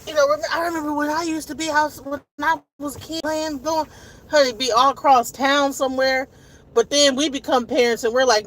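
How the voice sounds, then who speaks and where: A woman's voice: high-pitched, fairly even intonation, normal speed, poor audio. A woman from Detroit in her forties, chatting casually and rambling heartfelt to camera on a school run. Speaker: vlogger and mother. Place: inside a car on a school run. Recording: car road noise behind.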